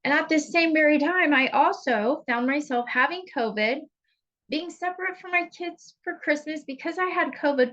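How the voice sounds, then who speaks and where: A woman's voice: on the high side, a bit bright. Earnest woman coach, dull lo-fi sound. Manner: earnest, intense, blunt with swearing. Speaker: spiritual coach. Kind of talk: confessional teaching monologue.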